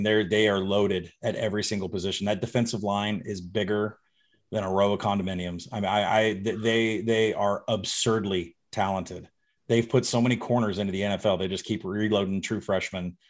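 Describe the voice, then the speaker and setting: Low-voiced man making confident picks. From Arkansas. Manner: confident, emphatic predictions. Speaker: college football betting guest. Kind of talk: casual podcast chat.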